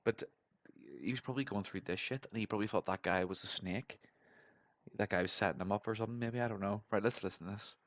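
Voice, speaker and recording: Blunt, swearing man with a low voice. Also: fast talker, fairly bright tone, no echo. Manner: swears a lot, blunt and ranting. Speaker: podcast host reacting to a clip. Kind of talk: casual commentary.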